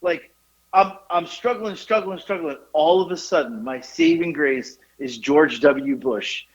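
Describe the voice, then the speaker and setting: A man's voice: a little high, measured pace. A man in his forties, a podcast host, telling a rambling, profane story with laughs and restarts. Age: 40s. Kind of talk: casual storytelling chat. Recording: dull lo-fi podcast audio.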